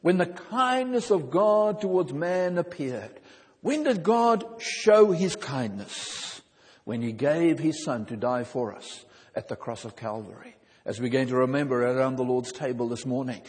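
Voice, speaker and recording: A man's voice: mid-range voice, expressive, unhurried, long reverb tail. A male pastor preaching a sermon, earnest and emphatic, repeating key phrases for weight.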